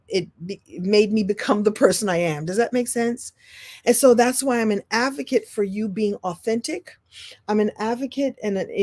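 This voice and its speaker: A woman in her sixties from Brooklyn speaks as a storytelling coach. Her motivational talk is lively and goofy. She laughs often and drops into quick impressions. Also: medium pitch. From Brooklyn, New York. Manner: playful, animated, laughs often, slips into impressions.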